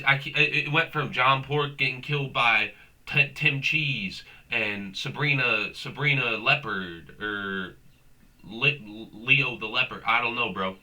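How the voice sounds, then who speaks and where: Young guy w a really bright edgy voice, cussing and rambling comedy rant, bro this bro that. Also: mid-range voice. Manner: profane, rambling, slangy, says "bro" a lot. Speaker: host.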